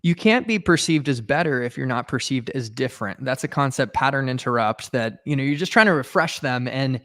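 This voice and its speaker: A man's voice: medium pitch, expressive, a little fast, a bit bright. A man hosting an interview podcast, talking enthusiastically about sales and asking his guest questions. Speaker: podcast host. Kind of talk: conversational interview.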